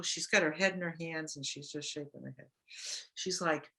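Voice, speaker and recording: A woman's voice: low-pitched, normal speed, vocal fry. A woman co-hosting a recovery talk show, casually reflecting and telling stories, acting out the voices of people she quotes. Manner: animated storyteller, acts out quotes. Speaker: podcast co-host.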